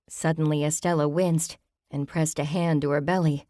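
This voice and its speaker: A woman narrating an audiobook with measured, even scripted storytelling. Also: sits low, dry recording, clean studio sound.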